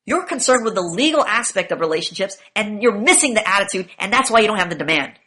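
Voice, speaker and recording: A woman's voice: mid-range voice, expressive, brisk, pushed and bright. A woman teaching a class, lecturing with emphatic, profane rhetorical questions. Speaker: class instructor.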